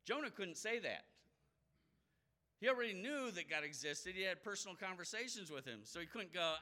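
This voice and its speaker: A man preaching a sermon in an animated way, acting out the voices he quotes. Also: sits high, moderate pace.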